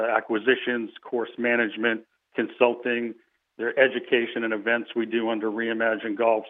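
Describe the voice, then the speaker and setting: A man with a Boston accent, calling in as a guest and chatting in an upbeat, emphatic way about his business. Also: medium pitch. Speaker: golf business founder, guest. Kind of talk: casual phone-in chat. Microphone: phone. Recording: tinny phone line.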